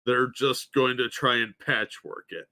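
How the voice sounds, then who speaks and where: A man's voice: medium pitch, steady tone, measured pace, bright, forceful tone. A man co-hosting a casual livestream chat, joking playfully. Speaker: co-host.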